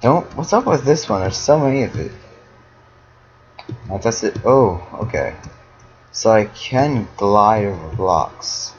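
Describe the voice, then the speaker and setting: A young man giving casual, excitable commentary while playing a game and talking to his viewers. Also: on the low side, slow, pauses often, slight background noise. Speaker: gamer. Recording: dull lo-fi home recording.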